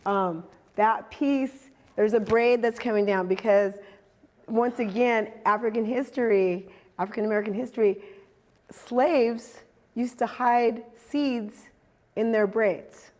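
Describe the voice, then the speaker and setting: A middle-aged woman giving a casual talk about her artwork, animated and acting out quoted dialogue as she tells stories. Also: on the high side, slow pace. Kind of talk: casual presentation.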